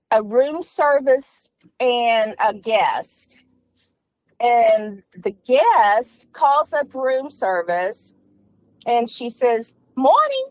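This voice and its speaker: A woman author in an interview, telling jokes in an animated way. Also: fairly high pitch, no room sound, rough recording. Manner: animated joke teller.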